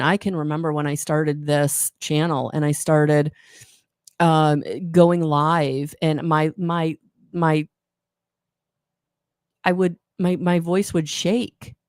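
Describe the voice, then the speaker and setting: A woman's voice: low voice, fairly even intonation, a little slow, darkish tone, dry recording, clean studio sound. A woman giving a live oracle card reading, rambling and encouraging, often correcting herself mid-sentence. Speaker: intuitive card reader.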